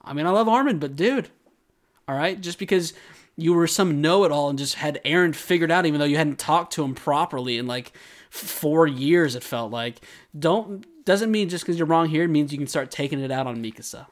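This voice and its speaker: A man's voice: on the high side, brisk. A young man co-hosting a casual podcast, arguing animatedly and jokingly raising his voice. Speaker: podcast co-host. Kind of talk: casual anime recap chat.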